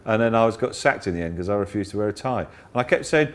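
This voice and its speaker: A man being interviewed as a guest comedian, telling anecdotes in a lively way and mimicking other people's voices. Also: lowish voice, fast talker. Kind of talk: casual interview chat.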